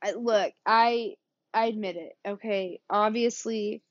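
A woman with a Southern accent hosts her own podcast in loose, rambling talk, laughing often and cursing now and then. Her voice sits in a middle pitch. The sound is dry and a little dull. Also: slow pace, no room sound. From Kansas City area, USA. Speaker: podcast host. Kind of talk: casual solo podcast talk.

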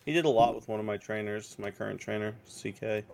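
A man's voice: lowish voice, quick pace, vocal fry, a little mellow. A man co-hosting a podcast in casual chat, laid-back with dry comebacks. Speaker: podcast co-host.

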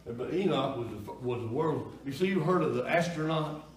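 A man, a pastor preaching a folksy sermon in a church that swells into loud cries. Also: fairly high pitch, lively intonation, moderate pace. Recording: echoey church room from far off.

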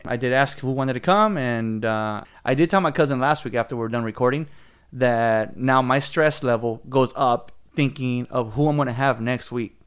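A podcast host with a clear, resonant, mid-range voice speaks at a moderate pace. He tells a story in casual chat, animated and laughing as he goes, acting out other people's voices.

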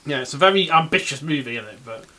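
A man's voice: on the high side, animated, quick pace, pushed and bright. A man co-hosting a casual podcast, swearing a lot and slipping into silly voices as he chats. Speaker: podcast co-host. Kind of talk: casual chat.

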